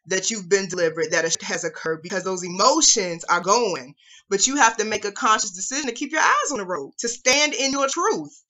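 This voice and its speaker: A woman with a bright, clear voice tells a spiritual analogy in an affirming, storytelling way. She speaks at a mid pitch over a video call. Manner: warm affirming, storytelling with acted quotes. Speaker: co-host, womb wellness leader.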